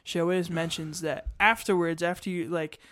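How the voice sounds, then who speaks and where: A young man co-hosting a casual chat in a relaxed, easygoing way. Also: fairly high pitch, moderate pace. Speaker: podcast co-host.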